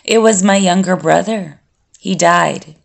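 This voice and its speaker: A woman reading an audiobook, voicing a calm, brooding male vampire who speaks in a measured, collected and reflective way. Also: lowish voice, gravelly.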